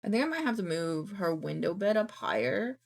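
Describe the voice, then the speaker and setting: A woman's voice: medium pitch, lively intonation, a little fast, vocal fry. A woman VTuber streamer in casual live-stream chat, chatty and swearing freely as she coos at her cat.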